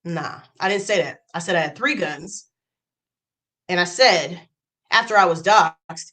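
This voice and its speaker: A woman's voice: on the low side, measured pace, pauses often, sharp tone. A young adult woman on a livestream, ranting in a heated, profane way and repeating lines for emphasis. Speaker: YouTube streamer.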